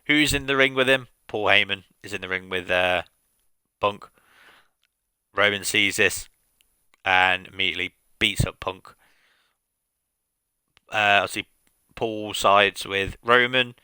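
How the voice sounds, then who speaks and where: Man with a bright, tense, dry voice. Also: fairly low pitch, measured pace, pauses often, smooth, dry recording. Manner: rambling recap with frequent fillers. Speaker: game streamer. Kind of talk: casual stream commentary.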